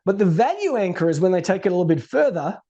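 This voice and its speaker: A man teaching business pricing to camera in a casual, animated way, acting out the people in his stories. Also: high voice, fast talker, lo-fi sound. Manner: animated storytelling, acts out quoted people. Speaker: business educator.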